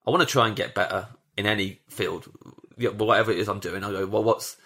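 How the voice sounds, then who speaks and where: Gravelly bright-voiced comedian. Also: male voice, lowish voice, fast talker. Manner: animated, rambling with restarts, acts out his own thoughts. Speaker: podcast guest, comedian. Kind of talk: casual chat.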